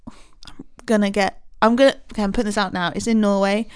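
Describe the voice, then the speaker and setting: A woman's voice: medium pitch, fairly even intonation, fairly quick, clear, resonant tone. A young English woman co-hosting a podcast, chatting casually and laughing often as she reads case notes from paper. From England. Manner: giggly, chatty, self-deprecating. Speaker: podcast co-host.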